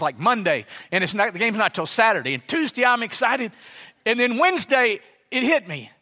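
A middle-aged man preaching a sermon, telling a story and acting out the voices in it. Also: sits high. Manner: animated, acts out voices in anecdotes. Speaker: pastor. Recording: long hall reverb.

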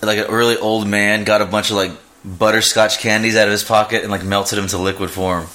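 A man's voice: lowish voice, flat delivery, brisk, sharp tone. A man co-hosting a casual podcast, joking and boasting in loose banter. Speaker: podcast co-host. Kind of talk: casual chat.

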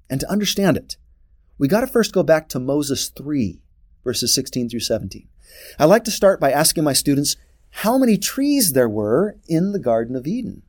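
Man teaching scripture, lively and expressive. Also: fairly high pitch. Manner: expressive, asks rhetorical questions. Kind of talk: scripture lesson.

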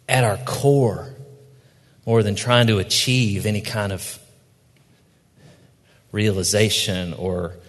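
A pastor delivers a sermon in a low, unhurried voice. His tone is gentle and reflective as he tells stories to the congregation. The sound rings out with the long reverb of a church hall. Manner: storytelling with acted quotes, reflective and gentle.

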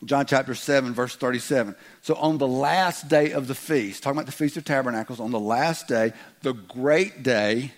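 A man preaching to his congregation. His voice sits at an ordinary middle pitch, and he talks in an easy, chatty way. He now and then breaks into loud, acted shouts. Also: moderate pace, few pauses. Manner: conversational, joking asides, rises to loud acted outbursts. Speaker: pastor. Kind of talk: sermon.

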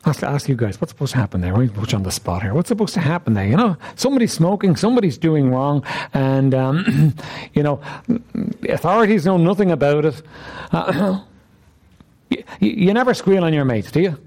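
A man's voice: fairly high pitch, very animated, normal speed, darkish tone. A man preaching an interactive sermon, repeatedly questioning his listeners with emphasis.

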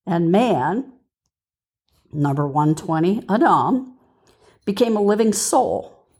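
Woman reading bible verses slowly, earnest teaching tone. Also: fairly low pitch, expressive, dark tone, slightly rough. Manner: earnest, reads verses aloud with reference numbers. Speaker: podcast host teaching scripture. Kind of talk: scripture teaching monologue.

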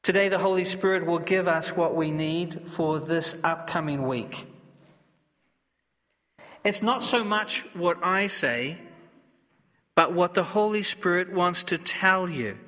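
A male priest reading the Gospel and preaching in a slow, solemn, deliberate way. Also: sits high, pushed and bright, long reverb tail.

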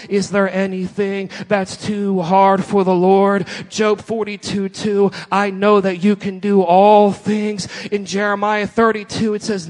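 High-voiced preacher man, steady cadence. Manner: repetitive rhythmic preaching, addressing the congregation. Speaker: pastor. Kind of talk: sermon. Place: church.

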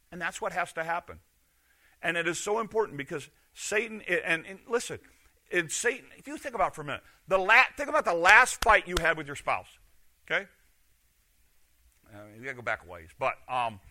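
A middle-aged man, a pastor, preaching a sermon with emphatic rhetorical questions that swing from loud to hushed. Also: sits high, lively intonation, a little fast.

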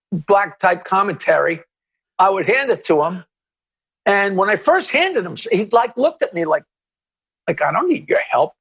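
A male comedian talks as an interview guest, spinning long stories with restarts and asides. His voice sits high for a man. He keeps an animated, tumbling storytelling flow. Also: slightly rough.

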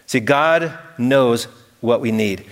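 A man's voice: mid-range voice, takes it slowly. A man preaching a sermon as pastor, earnest and building to emphatic peaks, with touches of humor. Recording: long hall reverb.

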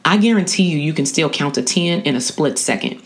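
At a college, an educator gives a casual spoken lesson on coping skills in a mid-range voice with lively intonation. The delivery is a little fast, slangy and conversational, and they often check in with the listener.

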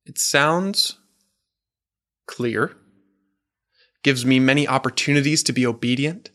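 Guy doing a gentle faith talk to his men's group, earnest, reads their answers back. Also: medium pitch. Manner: earnest, slows and softens for quoted words. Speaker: men's ministry coach.

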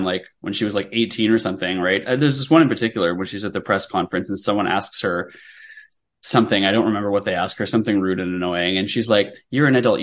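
Wry low-voiced man, rambling. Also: fairly bright tone. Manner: wry, rambling, swears casually. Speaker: podcast co-host. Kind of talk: casual book discussion.

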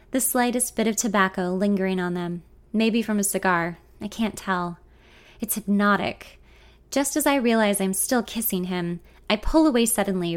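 A woman reading a first-person story in a confiding, introspective way. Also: medium pitch. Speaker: narrator.

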